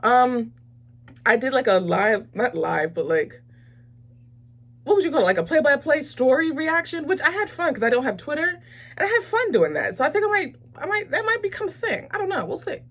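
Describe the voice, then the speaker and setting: A woman hosting a casual movie review vlog, talking in an animated, enthusiastic, chatty way with frequent fillers. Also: high voice, fairly quick. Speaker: host of a movie review channel.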